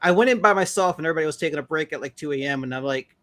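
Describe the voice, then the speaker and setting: A man who is a podcast guest, talking in a measured, skeptical way in a casual chat. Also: a little high, pushed and bright.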